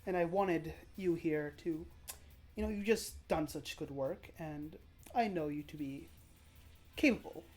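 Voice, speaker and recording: Woman as a polished vampire clan leader; low, mellow, measured and quietly menacing. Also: faint music behind. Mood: smooth.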